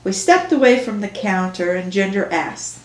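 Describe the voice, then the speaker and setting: A woman author reading her own novel aloud in first person, slow and measured. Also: mid-range voice, animated, slight background noise. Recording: echoey room.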